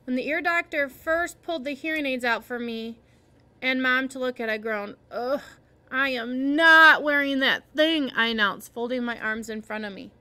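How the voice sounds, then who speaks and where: A woman's voice: on the high side, normal speed, bright, forceful tone, smooth. A woman teacher reading a novel aloud to her class and stopping to explain parts to the listeners.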